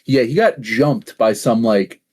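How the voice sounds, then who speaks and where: A man's voice: mid-range voice, lively intonation, a little slow, a little mellow. A young man co-hosting a gaming podcast, chatting casually and rambling through jokes with frequent swearing. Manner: rambling, joking, swears often. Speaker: podcast co-host. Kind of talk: casual chat.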